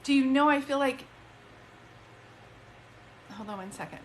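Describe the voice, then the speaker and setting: On a live stream, a psychic medium gives a caller a chatty, emphatic reading that rambles and keeps restarting. She speaks in a high, unhurried voice, and the poor audio carries a little hiss or hum.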